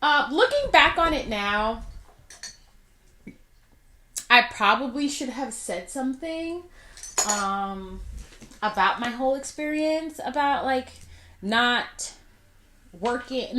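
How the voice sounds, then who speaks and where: A woman's voice: a little high, a bit bright. A woman in her twenties telling a personal story in a chatty way, with lots of fillers, while doing her makeup. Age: 20s. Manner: chatty, many fillers, drawn-out asides. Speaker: vlogger. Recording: echoey room.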